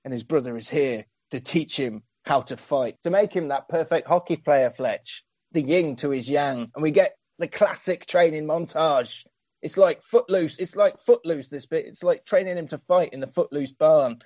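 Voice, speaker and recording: A man's voice: a little high, moderate pace, darkish tone, no echo, highs cut off. A man doing a comic, sweary, sarcastic recap of a film as a podcast host.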